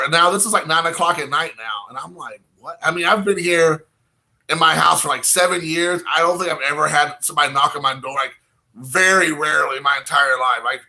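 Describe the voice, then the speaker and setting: A young man spins a long personal story in a loose, rambling way, with "like" in nearly every sentence. His voice sits a touch high and rings very bright and sharp, and he slips into quoted dialogue as he goes. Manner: rambling, heavy use of "like" fillers, quoting himself and others. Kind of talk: casual anecdote storytelling.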